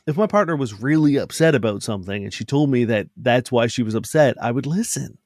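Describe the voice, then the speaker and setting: A man's voice: mid-range voice, expressive, a little fast, a little mellow, no echo, clean studio sound. A man co-hosting a podcast in casual chat, swearing freely and acting out quoted lines. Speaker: podcast co-host.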